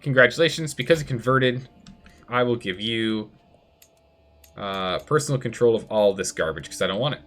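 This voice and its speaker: A man's voice: medium pitch, lively intonation, normal speed, a bit bright, soft background music. A man streaming a strategy game live, chatty, thinking aloud and answering chat as he plays. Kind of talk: live gameplay commentary.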